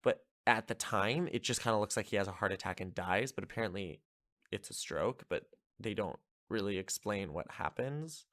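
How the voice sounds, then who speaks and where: A man with a fairly low voice talks through a movie plot in a loose, chatty way, dropping "like" everywhere and sounding amused. The recording is dry and close, with no room sound. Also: animated, moderate pace, a bit bright, dry recording. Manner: chatty, lots of filler "like", amused. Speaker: podcast host. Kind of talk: casual movie recap.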